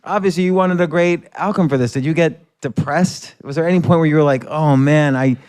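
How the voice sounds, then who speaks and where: A man hosting a podcast interview, asking eager, quick follow-up questions. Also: fairly high pitch, a little mellow, clear, resonant tone. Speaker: podcast host.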